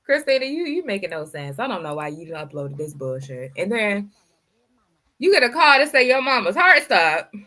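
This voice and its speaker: A woman's voice: medium pitch, very animated, moderate pace, sharp tone. A woman hosting a reaction video, giving blunt, sassy commentary full of rhetorical questions. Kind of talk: casual commentary.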